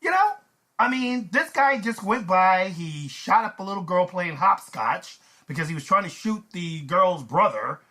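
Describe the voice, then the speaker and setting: A man ranting to the camera in a sarcastic, heated way, with a high voice that swoops up and down. His tone is bright and sharp, and his delivery is animated throughout. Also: unhurried. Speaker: channel host. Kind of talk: ranting commentary vlog.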